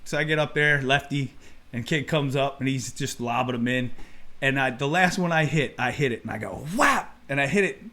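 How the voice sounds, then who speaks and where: A middle-aged man co-hosting a casual baseball chat, telling animated stories and acting out what people said. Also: mid-range voice, a little fast. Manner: animated storyteller who acts out quotes. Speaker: co-host and youth baseball coach.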